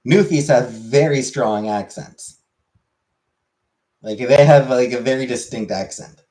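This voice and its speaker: This young man streams and talks casually with his audience, his voice medium in pitch and his pace measured. He sounds relaxed, rambling on with many fillers.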